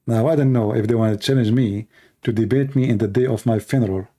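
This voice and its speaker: A man with a mellow, darker voice hosting a livestream. He rants in a sarcastic, mocking tone, often slipping into jeering impressions of others. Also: medium pitch, fairly even intonation, quick pace. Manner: mocking, sarcastic, acts out opponents. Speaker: livestream debate host. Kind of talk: casual livestream rant.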